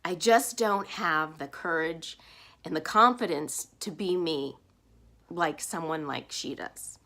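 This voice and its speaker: A woman's voice: sits low, slow pace, sharp tone. A woman talking to camera in a personal vlog, earnest and heartfelt, speaking openly about her feelings. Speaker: vlogger.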